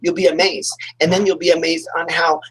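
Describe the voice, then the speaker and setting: A man's voice: fairly high pitch, flat delivery, brisk, fairly bright tone, husky, low-quality recording. A man, a talk radio host, giving a chatty motivational self-help talk with lots of fillers and acted-out reactions. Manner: chatty, acts out quoted reactions, many fillers.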